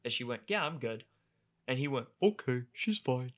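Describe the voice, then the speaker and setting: Cursing freely, a young podcast co-host vents his exasperation in an animated, casual chat. He speaks at normal speed in a mid-range voice, and the recording's highs are cut off.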